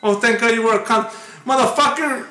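A man doing a crude, indignant dad, high-pitched, echoey room. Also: a little fast. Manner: blustering, crude, slangy. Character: angry middle-aged father demanding payment. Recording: echoey room, loud background noise.

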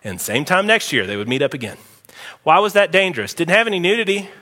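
A man preaching a sermon as pastor, emphatic and animated, with sudden loud outbursts. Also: high-pitched, fast talker. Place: church sanctuary. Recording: long hall reverb.

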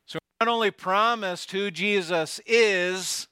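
A man preaching a sermon, swinging from loud declarations down to near whispers and putting rhetorical questions to his congregation. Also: high-pitched, slow, clear, resonant tone, no echo, clean studio sound. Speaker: pastor.

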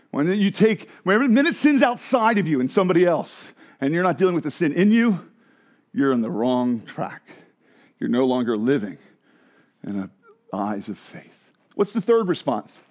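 A male pastor delivering a sermon in an animated, conversational way, with a high voice for a man. He often sinks into a low, hushed tone to press a point home. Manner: animated, conversational preaching with laughs and asides; drops low and quiet for emphasis.

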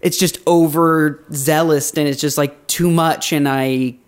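A man's voice: a little high, fairly even intonation, measured pace, clear, resonant tone. A man talking casually and candidly, rambling with frequent restarts and easy laughter. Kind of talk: casual podcast conversation.

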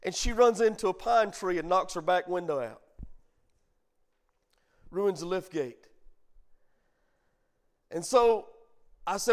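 Man, middle-aged, pastor, high-pitched, sermon, folksy storytelling, bursts of emphasis. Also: measured pace, long pauses. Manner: preaching with call-and-response, bursts of emphasis.

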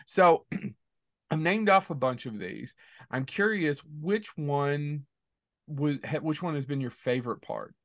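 A man's voice: on the high side, animated, takes it slowly, a bit bright, no room sound, clean studio sound. A man hosting a casual interview, easygoing and curious with his guest. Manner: easygoing, curious, laid-back. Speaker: podcast host.

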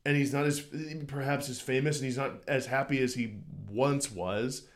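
Male podcast co-host, mid-pitched, excitable, restarts often, swears freely in casual talk. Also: moderate pace. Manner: excited, rambling, stumbling over his words, swears casually. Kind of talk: casual chat.

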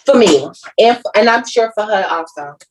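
A woman co-hosting a podcast, telling a personal story in casual chat with a lively, emotional, slangy manner. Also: medium pitch, moderate pace, poor audio. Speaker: podcast co-host.

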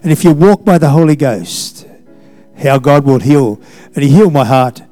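An older pastor preaches with a fairly high voice, shifting between forceful declarations and quiet, faltering storytelling. Soft music plays faintly beneath him. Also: male voice, expressive. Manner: swings from loud declarations to hushed, halting recollection. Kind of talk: sermon.

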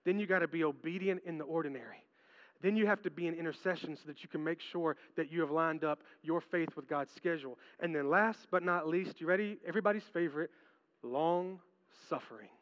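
A male pastor preaching a sermon in a large hall, telling stories animatedly and swinging from hushed tones to excited ones. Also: on the high side, brisk. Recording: reverberant hall, dull lo-fi sound.

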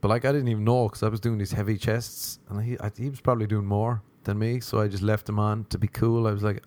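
A man's voice: on the low side, little pitch movement, fast, few pauses, a little mellow. A young Irish man, a comedian, telling comic stories animatedly, swearing freely and slipping into voices. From Ireland. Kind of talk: comic storytelling.

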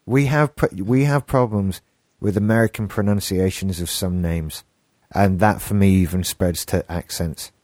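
A man's voice: low voice, normal speed, a little mellow, no echo, clean studio sound. A man with an English accent co-hosting a podcast, musing in a casual discussion and thinking aloud with restarts. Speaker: podcast co-host.

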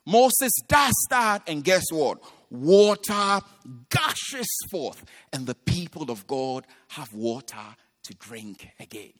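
Animated preacher man in a reverberant hall. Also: high voice, a little slow. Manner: animated, dramatic retelling with voiced asides. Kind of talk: sermon.

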